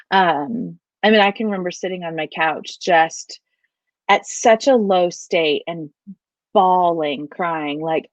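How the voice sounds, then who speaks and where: A woman's voice: lowish voice, dry recording, dull audio. A middle-aged woman and mother, a guest on an interview show, telling a personal story in a candid, earnest way and laughing now and then. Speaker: podcast guest, leadership coach.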